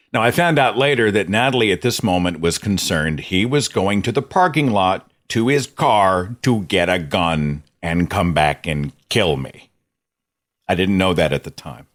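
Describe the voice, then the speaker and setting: A man's voice: low voice, fairly bright tone. A man hosting a podcast, telling a personal story in a candid, self-critical, conversational way. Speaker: podcast host. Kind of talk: reflective personal storytelling monologue.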